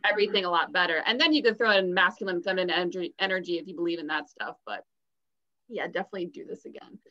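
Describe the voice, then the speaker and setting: A woman's voice: fairly low pitch, quick pace, pushed and bright. A woman, a podcast guest, giving earnest and encouraging advice in casual talk. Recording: dull lo-fi sound.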